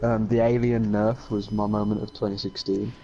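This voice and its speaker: A man in a casual gaming chat who gets excitable and loud when recalling hype moments. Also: on the low side, moderate pace, vocal fry, lo-fi sound, soft background music.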